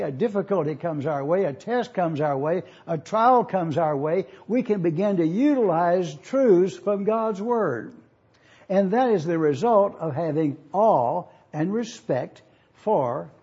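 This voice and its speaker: A man's voice: high-pitched, animated, measured pace, darkish tone, slightly rough, dull audio. A man preaching a sermon in an auditorium, teaching and asking listeners to follow along in their Bibles.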